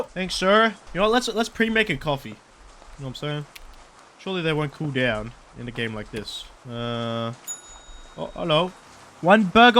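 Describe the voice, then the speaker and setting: A man's voice: on the high side, very animated, moderate pace, a bit bright, slight background noise. A man doing crude, joking let's-play commentary while he plays. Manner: crude, joking, swears a lot. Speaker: gaming YouTuber.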